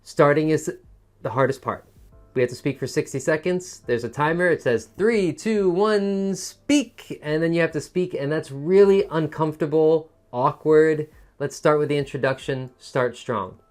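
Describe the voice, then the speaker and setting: Soft-toned man with a musical teacher voice. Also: on the high side, normal speed. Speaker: TOEFL teacher. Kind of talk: online lesson explaining a test.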